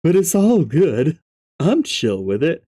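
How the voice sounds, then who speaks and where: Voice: mid-range voice, sing-song, slow pace, mellow, husky, full character voice. A reader voicing a laid-back but unhinged young male clown troll who drawls profanities. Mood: eerily chill.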